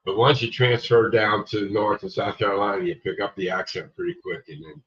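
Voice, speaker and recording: Deep-voiced man chatting on a livestream. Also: fairly quick, fairly bright tone. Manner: rambling, chatty, addresses viewers by name. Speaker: livestream host. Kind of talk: casual livestream chat reading viewer comments. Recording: dull lo-fi stream audio, distant from mic.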